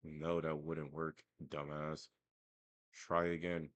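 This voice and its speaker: A man's voice: very deep voice, little pitch movement, takes it slowly, no echo. A man quoting his stern, irritated father in short, blunt, scolding lines. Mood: scornful.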